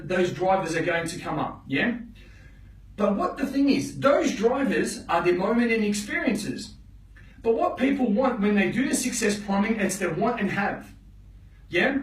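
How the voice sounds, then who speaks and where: A man with a high voice leads a live motivational session, preaching bluntly, checking in with his listeners often and swearing for emphasis. He's far from the mic, and the audio is poor and roomy.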